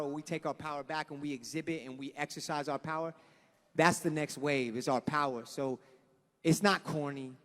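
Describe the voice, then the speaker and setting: A young man from Los Angeles, a band frontman giving an earnest, rambling, profane speech to a live crowd at an outdoor event. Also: a little high. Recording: long echoing reverb from a sound system.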